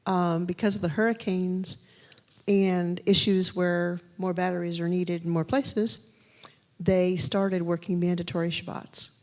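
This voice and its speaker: A woman from the congregation recounts another member's testimony, pausing often with fillers. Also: lowish voice, a little mellow. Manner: hesitant, many fillers. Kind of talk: recounting a story in a live gathering.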